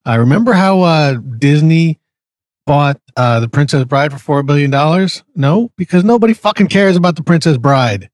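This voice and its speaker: A man's voice: on the high side, animated, normal speed, no room sound. Brief: male panelist, mid voice, dry sound, blunt and cursing. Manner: blunt, swears, hesitant fillers. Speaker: podcast panelist. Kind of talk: casual chat.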